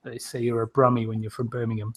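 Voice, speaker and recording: A man's voice: medium pitch, little pitch movement, quick pace. A man co-hosting a casual podcast chat, joking and laughing often.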